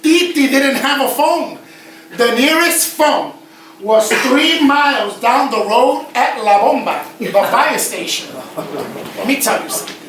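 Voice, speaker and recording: A man with a Bronx New York accent telling a comic stage monologue, animated and profane. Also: extremely high pitch, unhurried. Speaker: stage performer. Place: theater stage before an audience. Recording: echoey theater, distant mic, audience noise.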